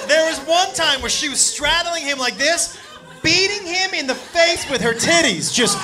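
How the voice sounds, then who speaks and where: A man doing stand-up, telling a wild story with animated delivery and shouted punchlines, recorded live on a club stage with a handheld mic. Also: very high-pitched, moderate pace, music in the background. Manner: animated, shouting punchlines, loud acted-out quotes. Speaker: stand-up comedian. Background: crowd laughing and noise.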